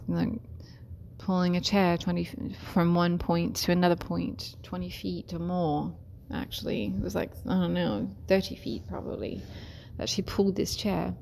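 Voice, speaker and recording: A woman's voice: on the low side, vocal fry, slight background noise. Woman telling a work story, chatty, laughing, sometimes almost whispering. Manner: chatty, laughs often, drops into soft whispery asides. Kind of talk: casual storytelling.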